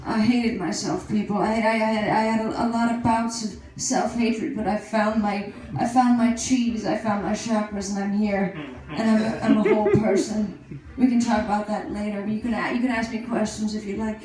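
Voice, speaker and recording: A woman plays a comedy show host persona: an aging, vain celebrity who dramatizes herself and rambles brashly and crudely in a stand-up character act. Her medium-pitched voice is steady, lightly acted, and at normal speed, with a crowd audible in the very echoey live room.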